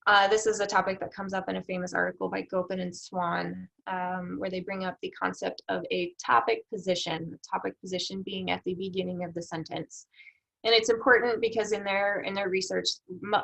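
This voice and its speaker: A woman's voice: medium pitch, little pitch movement, brisk, gravelly, fairly bright tone, poor audio. A woman giving a recorded lecture on editing proposals, explaining step by step with rhetorical questions and frequent fillers. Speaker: research development instructor.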